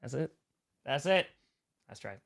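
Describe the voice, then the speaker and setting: A man's voice: mid-range voice, sing-song, measured pace, vocal fry. An upbeat man co-hosting a casual sports podcast, bantering and joking. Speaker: podcast co-host.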